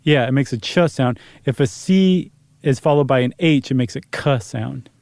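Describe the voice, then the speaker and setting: A man's voice: medium pitch, normal speed, gravelly, a little mellow, no echo. A man co-hosting a podcast in a casual, rambling conversational way with fillers. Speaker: podcast co-host. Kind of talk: casual chat.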